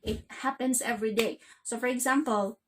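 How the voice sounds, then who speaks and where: A woman's voice: fairly high pitch, steady tone, normal speed, a little hiss or hum. A woman teaching an English grammar lesson, checking in with "okay?" after nearly every phrase.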